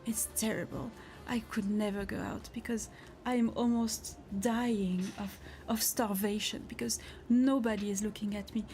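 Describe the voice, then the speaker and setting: A woman's voice: mid-range voice, fairly even intonation, a little slow, darkish tone, a little hiss or hum, close to an everyday voice. A woman doing a whiny, melodramatic house cat with a French accent. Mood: whiny dramatic. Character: lazy, dramatic male house cat begging for food.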